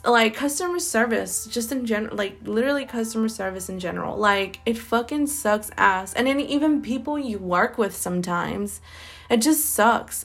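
A woman with a bright, sharp-edged voice, venting in an unscripted diary-style monologue. She is blunt and candid, swears freely, and rambles with lots of fillers and laughs. She sounds worn out and tired. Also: medium pitch. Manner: blunt, candid, heavily profane. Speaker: podcast host.

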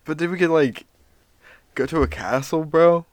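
A man's voice: a little high, normal speed. A tipsy man co-hosting a casual podcast, laid-back and goofy, saying bro a lot. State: intoxicated. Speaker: podcast co-host.

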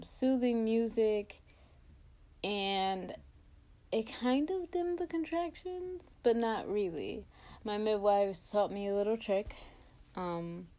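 A woman's voice: medium pitch, warm tone. A young woman casually telling her own birth story, chatty, laughing often, with lots of "like" and "you know".

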